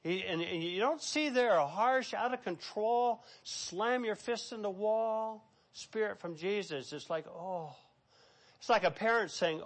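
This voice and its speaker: A man's voice: high-pitched, animated, unhurried. A man preaching a sermon, reading scripture aloud and acting out quotes with a dramatic, preachy delivery. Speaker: pastor.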